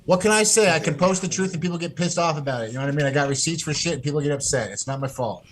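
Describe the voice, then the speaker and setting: A man's voice: a little high, rapid-fire, a little hiss or hum. A man chatting as a guest on a podcast, profane and rambling as he tells stories. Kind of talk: casual podcast chat.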